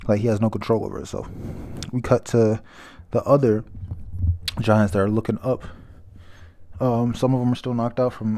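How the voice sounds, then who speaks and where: A man's voice: medium pitch, a little mellow. A man casually reviewing a manga chapter, rambling with lots of fillers and stopping to reread lines. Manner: rambling, many fillers, reads quotes aloud, stumbles and restarts.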